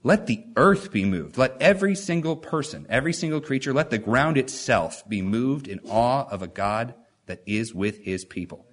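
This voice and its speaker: A man's voice: mid-range voice, lively intonation, normal speed, few pauses. A man preaching a sermon, reading scripture and asking the congregation rhetorical questions with strong emphasis.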